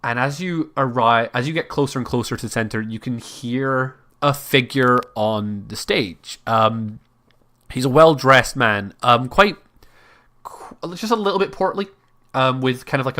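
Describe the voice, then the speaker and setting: A man's voice: medium pitch, unhurried, a bit bright. A man narrating as game master of a tabletop game, rambling with frequent fillers.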